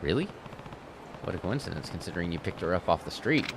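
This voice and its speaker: A man voicing a stern, calm man from a video game in curt, dry lines. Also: low voice, quick pace, vocal fry, a little hiss or hum, voice pushed down, heavily acted.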